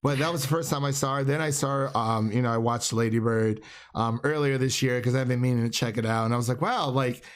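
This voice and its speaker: This American man hosts a laid-back film chat, rambling freely and breaking into laughter as he goes. His pitch sits right in the middle for a man. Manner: chatty, rambling, laughs often. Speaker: podcast host. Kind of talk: casual film review chat.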